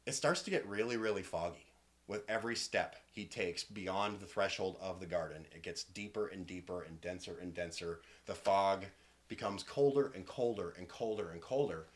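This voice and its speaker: A man's voice: deep voice, moderate pace. A man narrating a tabletop role-playing game as game master, telling the story in a hesitant, unscripted way with frequent restarts.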